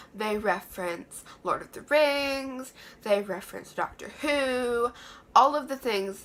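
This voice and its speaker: A woman's voice: mid-range voice, fairly bright tone. A woman giving an enthusiastic, chatty book review in a room lined with books. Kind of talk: casual book review vlog.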